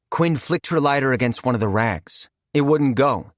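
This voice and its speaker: A man narrating a horror audiobook in a measured, vivid storytelling manner. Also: mid-range voice, expressive, no echo, clean studio sound.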